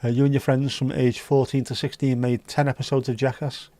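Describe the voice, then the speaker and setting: Reading chat on a relaxed livestream, a man jokes and swears his way through banter with viewers. He speaks briskly at medium pitch in a level, warm tone, and there's no room sound.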